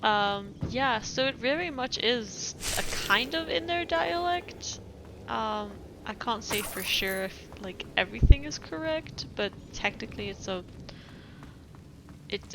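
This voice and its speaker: A woman's voice: medium pitch, noisy background. A woman streamer chatting casually over gameplay in a laid-back way, often laughing.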